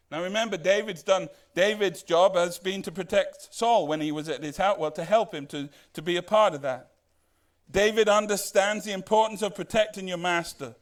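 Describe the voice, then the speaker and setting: A man's voice: high-pitched, normal speed. A man pastor preaching a sermon in a conversational way, asking rhetorical questions and acting out the quoted lines.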